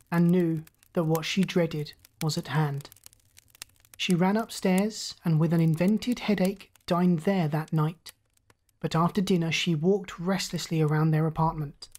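Calm woman reading a bedtime story. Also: fairly low pitch. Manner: calm, measured reading with voiced dialogue. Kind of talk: scripted bedtime story narration.

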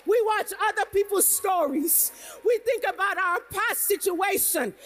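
Woman pastor, Nigerian American, high voice, storytelling sermon, big reverberant hall. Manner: storytelling, rising to emphatic preaching. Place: conference hall.

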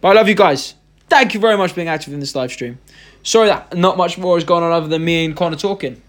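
Young man, live-stream host, jokey and chatty, slightly high voice. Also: fast talker. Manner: chatty, reads out viewer comments, jokey. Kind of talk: casual live stream chat.

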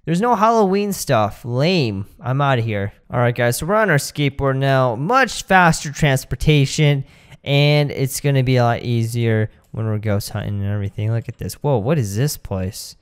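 A young man hosting a casual let's-play, talking straight to his viewers with excitable energy. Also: mid-range voice, normal speed, smooth. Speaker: gaming video host.

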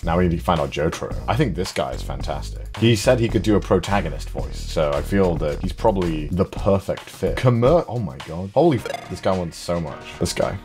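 A man hosting a casual comedy vlog, jokey and animated, pushing his pitch up for emphasis. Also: a little fast, hardly any pauses, faint music behind. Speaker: YouTuber host.

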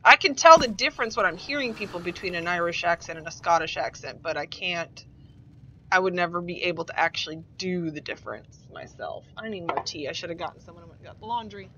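A woman's voice: fairly low pitch, lively intonation, quick pace, pushed and bright, slight background noise, rough recording. A woman from Minnesota with a blended Minnesotan and Texan Southern accent, chatting casually and rambling on a live stream. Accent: mix of Minnesotan and Texan Southern US. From Minnesota, USA. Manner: rambling, chatty, lots of fillers and laughs.

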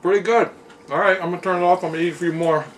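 A man's voice: high-pitched, fairly even intonation, racing. A plain-spoken man with a Pennsylvania accent, chatting casually while he taste-tests hot wings at home. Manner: easygoing, plain-spoken, chatty between bites. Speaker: food reviewer. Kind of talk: casual taste-test vlog. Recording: distant mic with noticeable noise.

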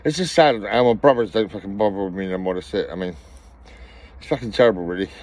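Middle-aged man, out of breath, rapid swearing ramble, personal vlog. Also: on the low side, a little mellow. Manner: rambling, swears constantly, repeats himself. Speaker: vlogger.

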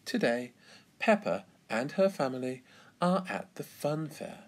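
A male English teacher reads a children's picture book aloud to young learners. He speaks slowly and carefully, letting his voice swoop widely in pitch to keep the story lively. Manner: expressive, slow, careful read-aloud.

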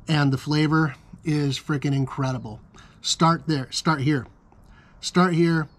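Slow-talking enthusiastic BBQ host, a man. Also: mid-range voice. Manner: enthusiastic, tasting food while talking. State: talking with his mouth full. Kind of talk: casual cooking demonstration.

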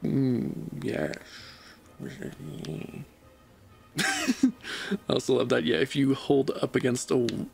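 A male streamer chats while he plays, easygoing and quick to poke fun at himself. His voice has a gravelly edge and swings up and down a lot. He talks at a slow, unhurried pace. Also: mid-range voice, very animated, faint music behind. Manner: laid-back, joking, self-mocking. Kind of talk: casual gaming livestream chat.

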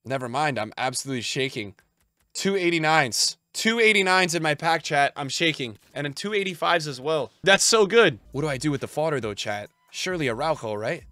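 Excitable young male gaming streamer. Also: fairly high pitch, brisk, no echo, clean studio sound. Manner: hyped, chatty, talks to chat. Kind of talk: excited live pack-opening stream.

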